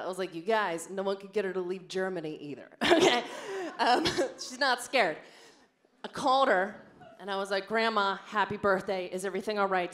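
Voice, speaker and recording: A young woman doing a brash, bawdy stand-up comedy set on a club stage, acting out quotes in her stories. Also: medium pitch. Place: large comedy club stage with a live audience. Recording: live club recording with audience noise.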